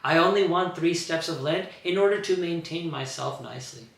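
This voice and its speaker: A meek young brahmin boy asks softly and humbly, as a man acts him out. The slightly raised voice sounds gravelly and bright, with strong echo all around. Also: a little high, normal speed. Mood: humble. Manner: meek, gentle. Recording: very echoey room.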